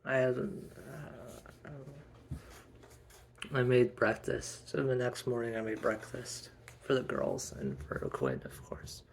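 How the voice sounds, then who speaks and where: A man telling a first-person role-play story in a slow, halting way with frequent restarts. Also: medium pitch, sing-song, gravelly, a little hiss or hum.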